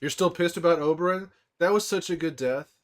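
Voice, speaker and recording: A man livestreaming casually to his viewers, rambling excitedly with frequent restarts and laughs. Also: on the high side, brisk. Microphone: desktop microphone.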